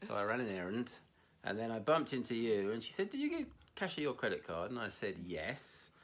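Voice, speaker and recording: A man's voice: mid-range voice, big pitch swings, fairly quick, fairly bright tone. A man co-hosting a casual conversation, rambling and self-mocking, laughing often at himself. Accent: Scottish. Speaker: podcast co-host.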